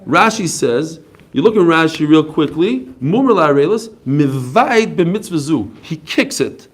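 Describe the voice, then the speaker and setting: Animated man teaching a Talmud class. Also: fairly high pitch. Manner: animated storytelling, quick asides. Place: study hall class.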